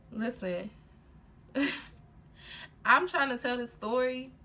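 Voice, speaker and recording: A young woman casually telling a personal story in a getting-ready vlog, talking animatedly with lots of fillers and restarts. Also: sits high. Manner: animated, heated retelling full of fillers and laughs. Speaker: vlogger.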